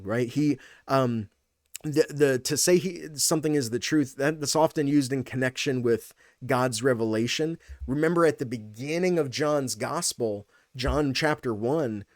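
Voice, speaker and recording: A man's voice: medium pitch, no room sound, clean studio sound. A man, a pastor, teaching a Bible passage in a casual video, thinking aloud with fillers and restarts.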